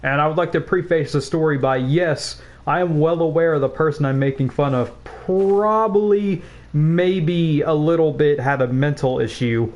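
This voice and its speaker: Young male streamer, about 19, slightly high voice, loose profane storytelling with laughing asides. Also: moderate pace, a little mellow, highs cut off. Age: young adult, about 19. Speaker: game streamer. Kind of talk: casual storytelling while gaming.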